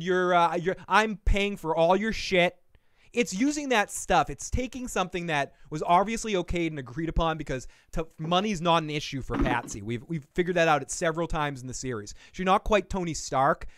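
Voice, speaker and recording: A man is talking through a TV recap, venting hard and swearing freely. His voice sits a little high and sounds dry and close, with no room around it. He jumps into other people's lines mid-rant. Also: a bit bright, no echo. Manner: ranting, profane, acts out characters' lines. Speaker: podcast host reviewing a TV show. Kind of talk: casual recap chat.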